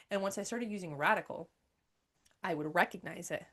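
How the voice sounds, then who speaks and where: A woman's voice: fairly low pitch, fast. Blunt, profane woman talking candidly. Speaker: podcast host and coach. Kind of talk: candid personal monologue.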